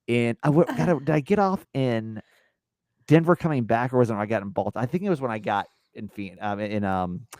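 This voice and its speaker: A man's voice: medium pitch, brisk, dry recording, clean studio sound. A man hosting a podcast, telling a rambling story in a casual, swearing way. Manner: animated, rambling, swears and laughs. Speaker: podcast host.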